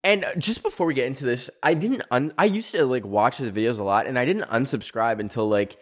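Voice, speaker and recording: Profane, animated young man ranting. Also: a little fast, husky. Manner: animated, profane, sarcastic, pitch leaping up on emphasis. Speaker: podcast host. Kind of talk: casual ranting commentary.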